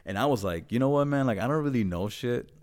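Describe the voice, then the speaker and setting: A man's voice: medium pitch, lively intonation, fast talker, a little mellow. A man hosting a podcast in casual chat, rambling and profane, breaking into laughter often. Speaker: podcast host.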